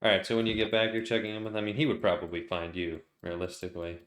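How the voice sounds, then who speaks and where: A man's voice: fairly low pitch, monotone, fast. A man narrating as game master in a casual, self-deprecating way.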